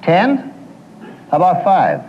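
A man's voice: high voice, takes it slowly, lo-fi sound, slight background noise. A man giving a lecture to an audience as a counselor, telling stories and acting out what his clients say. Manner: animated storyteller, acts out quoted clients.

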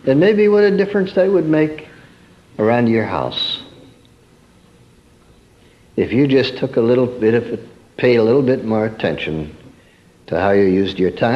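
A man preaching a sermon in a storytelling way, swinging from emphatic peaks to soft, quiet asides. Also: medium pitch, dull audio.

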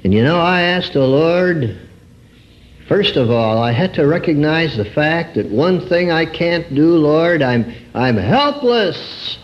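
A man giving an earnest personal testimony sermon, swinging between high emphatic phrases and low drawn-out words. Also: lively intonation. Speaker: preacher. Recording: dull lo-fi recording.

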